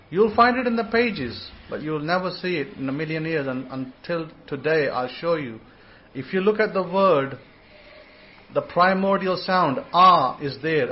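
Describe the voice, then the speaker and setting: A man hosting an informal online scripture lesson, rambling and repeating words, sometimes sounding out syllables slowly. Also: sits high, dull audio. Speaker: host and religious teacher.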